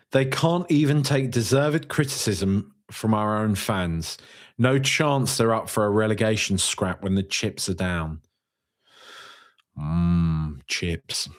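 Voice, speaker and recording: Man, podcast host, casual chat, jokey, rambling, reads viewer comments. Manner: jokey, rambling, breaks into high-pitched bursts. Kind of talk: casual live-stream chat.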